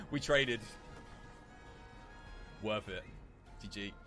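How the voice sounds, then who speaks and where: A man's voice: medium pitch, huge pitch swings, extremely slow, music in the background. A man giving jokey live commentary while streaming a game, laughing often.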